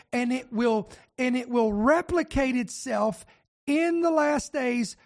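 A man preaching a podcast sermon, fervent and emphatic, firing off rhetorical questions and warnings. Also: very high-pitched.

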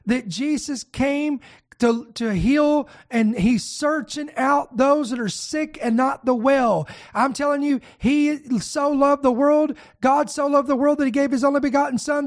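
A preacher delivering a fervent broadcast sermon, exhorting listeners with short repeated rallying phrases. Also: high voice. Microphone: camera broadcast.

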